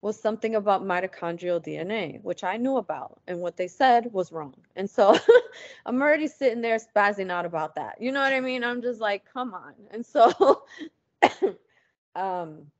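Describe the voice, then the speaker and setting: A woman's voice: mid-range voice, lively intonation, moderate pace, dry recording. A woman guest on an interview show, telling a personal story casually, acting out past conversations and using lots of "like" fillers. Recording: dull lo-fi, dry sound.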